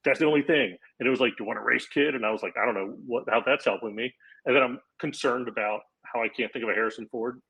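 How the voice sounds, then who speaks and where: Husky-voiced man telling a story. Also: mid-range voice, quick pace, rough recording. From Florida. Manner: animated anecdote-telling with acted-out quotes and laughs. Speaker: podcast guest, comedian. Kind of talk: casual storytelling chat.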